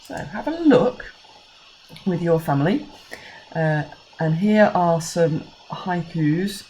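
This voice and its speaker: A woman teacher with an English accent, talking young pupils through a recorded lesson and counting out syllables slowly and clearly. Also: lowish voice, lively intonation, mellow, a little hiss or hum, poor audio. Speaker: primary school teacher.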